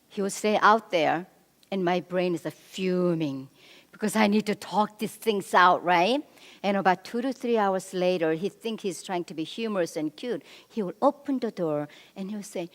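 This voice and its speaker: Woman lecturing in a reverberant church hall. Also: mid-range voice. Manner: animated, directly coaching the men in the audience. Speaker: marriage seminar speaker. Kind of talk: church seminar talk.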